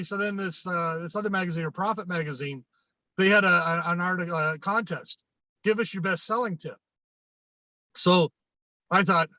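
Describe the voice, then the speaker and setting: High, bright-voiced man telling stories. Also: no room sound. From Canada. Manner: animated, acts out quoted dialogue, restarts and repeats phrases. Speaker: podcast guest, sales coach. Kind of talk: anecdotal storytelling in conversation. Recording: dry, dull lo-fi sound.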